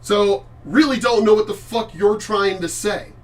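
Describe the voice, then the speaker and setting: A man's voice: high voice, a little slow, far from the mic. A middle-aged man ranting bluntly on a livestream, heated and full of curse words. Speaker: vlogger. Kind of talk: ranting live-stream monologue.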